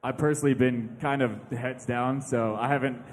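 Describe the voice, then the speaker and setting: A man answering as a panel guest, low-key and hesitant. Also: fairly even intonation, moderate pace. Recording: live hall with long reverb.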